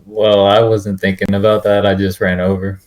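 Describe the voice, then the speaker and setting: A man's voice: fairly low pitch, monotone, normal speed, a little mellow. A man playing a tabletop game, casually describing his character's actions. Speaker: player.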